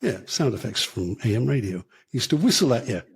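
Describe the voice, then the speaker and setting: A man's voice: mid-range voice, sing-song, a little fast, gravelly, husky. A middle-aged man co-hosting a radio podcast, wry and teasing and laughing often. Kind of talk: casual banter.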